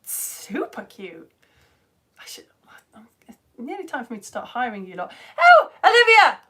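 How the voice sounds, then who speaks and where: A woman, hosting a live science stream and chatting excitedly with viewers, her voice a little tired. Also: a little high, moderate pace. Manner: animated, reads comments aloud, jumps between loud greetings and quiet asides. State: tired voice at end of term. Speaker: science show presenter.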